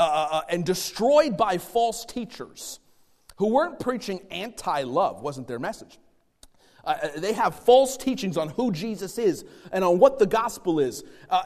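Emphatic male pastor in a reverberant hall. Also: sits high. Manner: emphatic preaching that swings between loud stressed words and quiet asides. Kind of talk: sermon.

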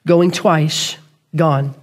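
A firm, steady auctioneer, as a preacher puts him on, calling for bids in a fairly high voice. He keeps it plain and calm in this sermon story. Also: very slow.

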